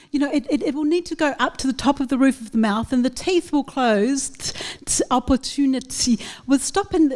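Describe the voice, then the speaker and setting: A woman with a high, light voice gives a pronunciation lesson. She sounds out one word piece by piece and repeats each sound with patient care. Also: darkish tone. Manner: careful, repeats sounds slowly and clearly. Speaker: pronunciation teacher.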